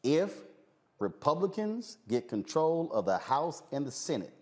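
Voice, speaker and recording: A man's voice: a little high, very animated, a little slow. A man hosting a political talk show, speaking, emphatic and repetitive, preaching at his viewers. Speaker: show host. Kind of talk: fiery political commentary.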